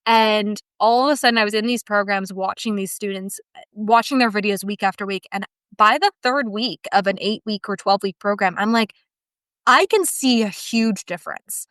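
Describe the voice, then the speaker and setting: A woman speaks on a podcast with a smooth, resonant voice. She tells heartfelt, rambling stories, restarting her sentences as she goes. The recording is close and dry. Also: mid-range voice, fairly even intonation, brisk, a bit bright, no room sound. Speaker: guest, team member of a dressage education business. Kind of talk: casual podcast interview storytelling.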